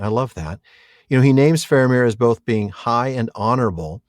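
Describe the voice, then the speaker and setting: A man's voice: medium pitch, expressive, a little fast, no room sound, clean studio sound. A middle-aged man co-hosting a podcast, chatting and explaining in an enthusiastic way. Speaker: podcast co-host. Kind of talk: casual chat.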